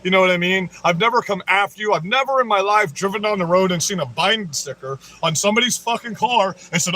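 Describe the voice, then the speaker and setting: A man's voice: sits high, quick pace, hardly any pauses, pushed and bright. A man hosting a livestream, ranting heatedly and with constant swearing at the people he is addressing. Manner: profane, heated, ranting to the audience; keeps saying "you know what I mean". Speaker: livestream host. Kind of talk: livestream rant.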